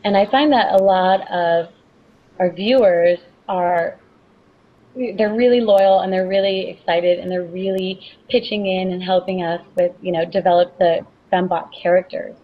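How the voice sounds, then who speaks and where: A woman's voice: lowish voice, steady tone, a little slow, narrow, tinny audio. A woman guest chatting casually and boldly, flirting and joking about her work. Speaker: guest adult film performer and producer. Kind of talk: casual podcast chat. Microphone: video call.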